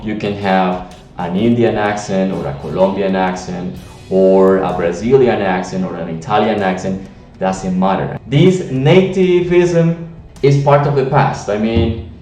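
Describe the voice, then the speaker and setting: A man's voice: fairly low pitch, unhurried, darkish tone, distant mic, muffled recording, soft background music. Latin American–accented man teaching in an echoey room. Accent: Latin American Spanish. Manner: earnest, with frequent restarts and "I mean". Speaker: language teacher. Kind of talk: teaching monologue to camera.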